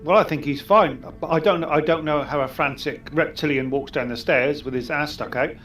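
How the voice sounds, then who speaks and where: A man's voice: fairly high pitch, moderate pace, fairly bright tone, faint music behind. A man teasing other players at a tabletop game in a wry way. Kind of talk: casual tabletop chat.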